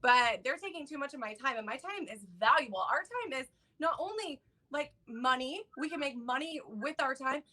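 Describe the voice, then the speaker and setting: A woman's voice: high-pitched, animated, moderate pace, hardly any pauses, bright, forceful tone. A woman guest on a talk show, a life coach, bubbly and gushing, laughing easily.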